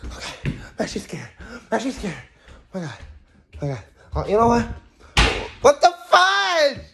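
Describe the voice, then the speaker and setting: High, jumpy young man. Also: big pitch swings, normal speed, background noise. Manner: jumpy, exclaiming, slangy. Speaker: comedy skit creator. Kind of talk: casual comedic monologue to camera. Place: at home indoors.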